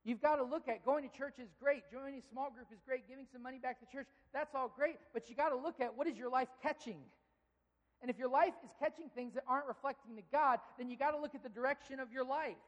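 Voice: high-pitched, fast, highs cut off. A preacher giving a sermon built around a personal story, acting out the dialogue and restarting sentences as they ramble along. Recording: long hall reverb.

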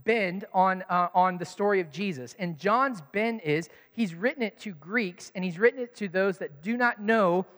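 A man's voice: high voice, moderate pace, hardly any pauses, big-room sound. A man preaching a sermon as pastor, telling stories and acting out quotes. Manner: animated storytelling, acts out quotes.

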